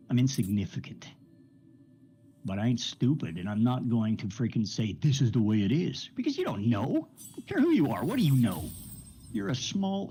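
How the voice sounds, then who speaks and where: A man's voice: mid-range voice, mellow, slight background noise, rough recording. A man streaming games, going off on a rambling, profane rant and often laughing. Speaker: game streamer.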